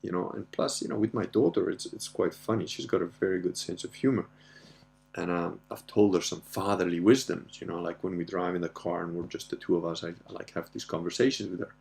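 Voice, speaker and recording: A podcast host delivers a casual Q&A monologue, telling crude, profane stories and laughing often. His voice is deep and darkish with vocal fry, and he talks briskly.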